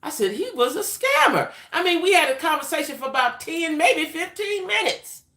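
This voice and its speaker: An adult woman hosting a livestream, telling a story in a chatty, animated way and talking straight to her viewers. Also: extremely high pitch, moderate pace. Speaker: livestream host. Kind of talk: casual storytelling chat. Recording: roomy echoey room.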